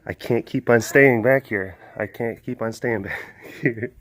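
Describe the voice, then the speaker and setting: A man's voice: medium pitch, measured pace, fairly bright tone, dry recording. A man who keeps big cats, chatting casually in a vlog outdoors in cold wind. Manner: chatty, rambling, laughing. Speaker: big cat sanctuary keeper.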